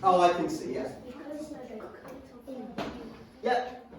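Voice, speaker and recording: A man's voice: high voice, expressive, moderate pace, crowd noise. A man teaching a classroom reading lesson, questioning and prompting pupils one by one. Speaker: primary school teacher. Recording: echoey classroom from far off, loud noise.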